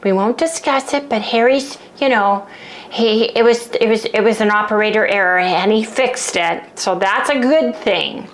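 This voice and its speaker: Woman, Southern Californian accent, vlog host, rambling casual chat, middle pitch, home kitchen. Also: a little hiss or hum. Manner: chatty and rambling, quick to apologize. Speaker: channel host.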